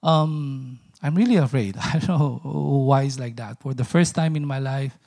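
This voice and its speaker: A man's voice: medium pitch, normal speed, darkish tone. A man in his forties from the Philippines preaching a sermon in an earnest, chatty way, often laughing and restarting his sentences. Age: 40s.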